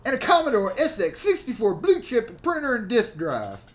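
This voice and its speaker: A man's voice: extremely high pitch, normal speed, slight background noise. A man hosting a live stream, reading old magazine letters aloud with theatrical flair and joking asides. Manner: animated, jokey, theatrical reading. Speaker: host.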